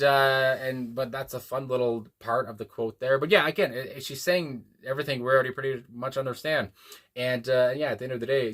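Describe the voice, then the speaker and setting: A man's voice: medium pitch, fairly bright tone. Rambling young man reacting to music. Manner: rambling, frequent fillers and restarts, chuckles often. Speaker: music reaction channel host. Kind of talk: casual reaction commentary.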